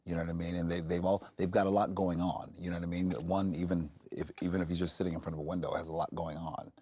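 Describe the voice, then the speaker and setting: Deep husky man musing about films. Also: level tone, mellow. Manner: thoughtful, repeats I think, quick restarts. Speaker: actor guest. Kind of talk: casual film discussion.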